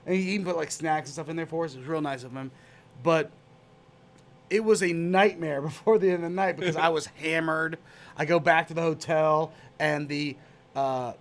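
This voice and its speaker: A young man co-hosting a podcast, telling a wild anecdote in casual, profane chat and putting on voices for the people in it. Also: a little high. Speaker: podcast co-host.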